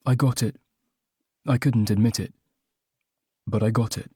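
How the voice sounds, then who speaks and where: A man's voice: fairly low pitch, fairly even intonation, a little slow, long pauses, dark tone, breathy edge, dry recording, studio quality. A man narrating a first-person romantic comedy audiobook with a wry, self-mocking comic delivery.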